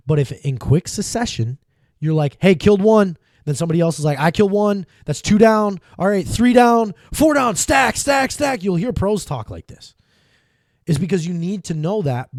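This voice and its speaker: Emphatic man coaching with a dark voice. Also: medium pitch, no room sound, clean studio sound. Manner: emphatic, repetitive, keeps checking in with "okay?". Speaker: game coach. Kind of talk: energetic coaching talk.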